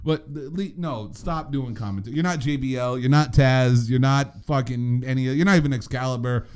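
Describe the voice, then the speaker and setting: A man's voice: mid-range voice, fairly quick, darkish tone, clear, resonant tone. A male podcast co-host in casual wrestling banter, complaining in an exasperated way, swearing and stumbling over restarts.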